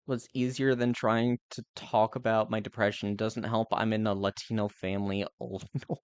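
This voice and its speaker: A man's voice: fairly low pitch, little pitch movement, moderate pace, clean tone, no room sound. Candid, rambling young man. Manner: candid, rambling, heavy on filler words. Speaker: live streamer. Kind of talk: casual chat.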